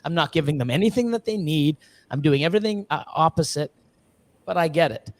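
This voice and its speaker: A man from Canada talking casually on a live stream, rambling earnestly with many restarts and fillers, sometimes mimicking other people in quick bursts. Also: fairly high pitch. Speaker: reptile breeder guest.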